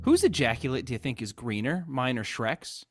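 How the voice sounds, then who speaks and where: A man co-hosting a podcast trades crude jokes in casual banter. His medium-pitched voice swings widely in pitch at normal speed, and music plays in the background.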